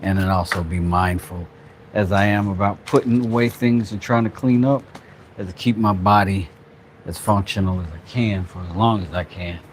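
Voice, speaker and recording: A man's voice: deep voice, steady tone, moderate pace, a little hiss or hum. Playful rambling man in a workshop. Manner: playful, rambling, jokey asides. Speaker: craft channel host, father. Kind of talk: casual workshop vlog chat.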